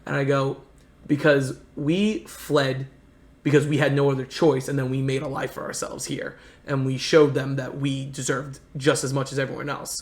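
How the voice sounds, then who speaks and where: A man's voice: medium pitch, little pitch movement, moderate pace. A man from the United States telling rambling, earnest travel stories in a casual chat. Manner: earnest, rambling anecdotes with many restarts. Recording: echoey room.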